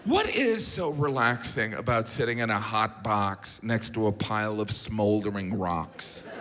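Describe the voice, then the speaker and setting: A middle-aged man doing stand-up comedy on stage, with a deadpan delivery and mock-incredulous asides. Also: fairly low pitch, measured pace. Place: large theater stage with a laughing audience. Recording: live hall reverb, loud audience noise.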